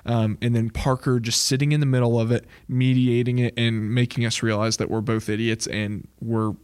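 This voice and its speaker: A young man co-hosting a student podcast in an easygoing chat. He rambles, stops for fillers and keeps circling back to his point. His voice sits at an ordinary middle pitch. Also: level tone, moderate pace, darkish tone, clear, resonant tone. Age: young adult. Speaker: podcast co-host. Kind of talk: casual chat. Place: college dorm basement studio.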